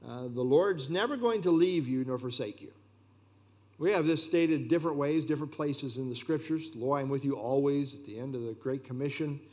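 Emphatic male preacher, slightly high voice. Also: expressive, normal speed, darkish tone. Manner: emphatic, repeating key phrases. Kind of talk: sermon.

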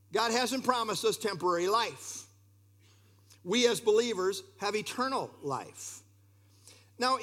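Male pastor, sermon, emphatic, questioning listeners, high voice, lively pitch.

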